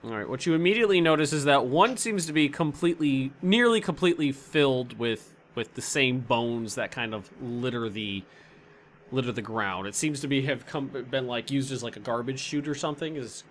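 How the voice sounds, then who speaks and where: A man's voice: medium pitch, a little fast, slight background noise. A man narrating a tabletop game as dungeon master, rambling and searching for words as he describes scenes.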